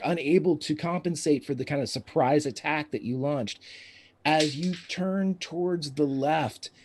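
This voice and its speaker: A man running a tabletop role-playing game, describing scenes in a halting, descriptive way. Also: a little high, a little mellow. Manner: descriptive, halting narration with restarts. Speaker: game master.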